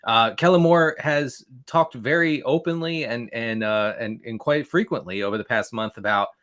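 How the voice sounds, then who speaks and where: A man's voice: medium pitch, normal speed, fairly bright tone. A man guesting on a fantasy football podcast, rambling and repeating words as he talks. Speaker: guest analyst.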